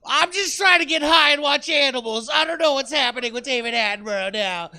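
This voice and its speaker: A man's voice: very high-pitched, a little fast, pushed and bright. A man doing stand-up comedy in a small theater, ranting in an exasperated, self-deprecating way to a live audience.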